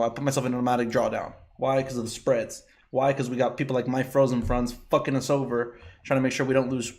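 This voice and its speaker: Profane young man hosting a trading livestream. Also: medium pitch. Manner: loose, profane, bursts of laughter. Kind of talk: casual livestream chat with viewers.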